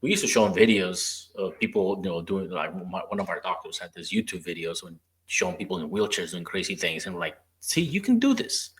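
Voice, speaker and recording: A low-voiced man hosts a relaxed podcast conversation. He tells stories from his therapy work and acts out what people said. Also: brisk, hardly any pauses. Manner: storytelling, acting out quoted dialogue. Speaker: podcast host; former rehab therapist. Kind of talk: casual interview chat.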